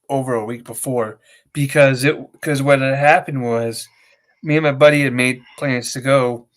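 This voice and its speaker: A man's voice: mid-range voice, a bit bright. A man in casual podcast chat with a mid-range voice. He rambles through a story, full of fillers, and acts out his friends' voices as he goes. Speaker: podcast co-host.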